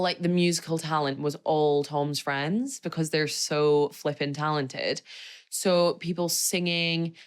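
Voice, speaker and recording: A woman's voice: deep voice, smooth. A woman hosting a podcast, chatting casually on her own in a gushing, self-mocking way. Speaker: podcast host. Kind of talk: casual solo podcast chat.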